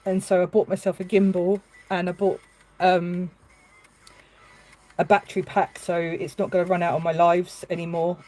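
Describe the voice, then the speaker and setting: A woman's voice: on the low side, level tone, moderate pace, a little mellow, rough recording. Chatty hesitant woman streaming live. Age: adult with a child. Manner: chatty, hesitant, many fillers and restarts. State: tearful at moments. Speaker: livestreaming artist. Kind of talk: casual live-stream chat.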